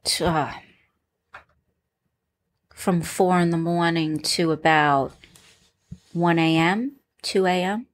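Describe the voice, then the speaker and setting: A middle-aged woman chef recounts her kitchen days in a relaxed interview. She talks animatedly and slips into quoted lines as she goes. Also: lowish voice, slow, pauses often. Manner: animated, acts out a shouting boss in quoted bursts. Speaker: chef, former cooking-show contestant. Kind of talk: casual interview storytelling.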